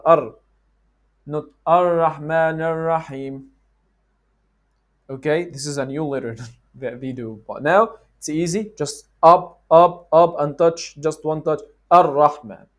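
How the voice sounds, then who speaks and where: Arabic-accented man teaching, higher voice. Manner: patient, demonstrates sounds by repeating them slowly. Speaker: Quran recitation teacher. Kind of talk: online tajweed lesson.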